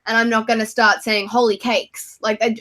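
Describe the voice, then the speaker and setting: A woman's voice: on the high side, flat delivery, moderate pace, pushed and bright. A young Australian woman hosting a casual livestream book chat, chatty and swearing freely. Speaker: host.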